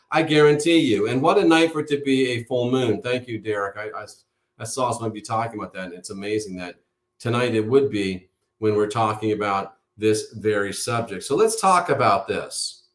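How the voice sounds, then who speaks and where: A man in a mid-range voice delivers a fiery, preachy monologue, hammering home his points by repeating them and stating everything as settled fact. His voice carries a roomy echo, as if he is recording in a bare room. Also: medium pitch. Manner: emphatic, with insistent repetition; preachy, declaring things as certain. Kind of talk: impassioned monologue to a live audience.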